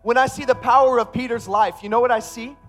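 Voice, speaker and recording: A male pastor preaching a sermon in a casual, emphatic way that builds to loud passion. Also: very high voice, fairly even intonation, fast talker, soft background music.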